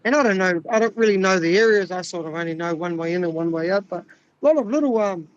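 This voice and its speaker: A man's voice: high-pitched, fast, no room sound, muffled recording. An Australian man, a butcher and regular on a podcast, telling laid-back stories in a casual chat, swearing and trailing off as he goes.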